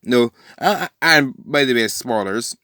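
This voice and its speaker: A man's voice: mid-range voice, expressive, pushed and bright, no echo, clean studio sound. Rambling man improvising a fan story. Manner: rambling, self-correcting, with frequent fillers; briefly voices characters in quick quotes. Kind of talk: casual improvised story narration.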